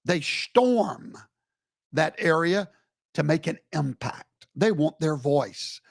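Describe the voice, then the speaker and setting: Gravelly, emphatic preacher-style man. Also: on the high side, lively intonation, slow, no room sound, clean studio sound. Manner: emphatic, preacherly, scolding rhetorical questions. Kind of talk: live streamed preaching commentary.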